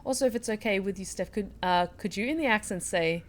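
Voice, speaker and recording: A woman's voice: mid-range voice, fast. Chatty woman game streamer. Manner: chatty, thanks chat, self-reassuring. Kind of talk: casual let's-play chat.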